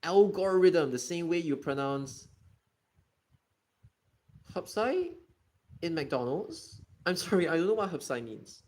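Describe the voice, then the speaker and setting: Streaming a geography game, this Singaporean man talks casually and reads chat while ranting, exasperated, about people's pronunciation. His voice sits a little high and sounds animated, moving at normal speed with few pauses.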